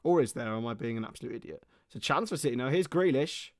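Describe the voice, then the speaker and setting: A young man giving excitable live football play-by-play on a stream, his voice starting to go hoarse, greeting viewers between plays. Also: mid-range voice, fast talker, no room sound, studio quality. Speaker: football watchalong host.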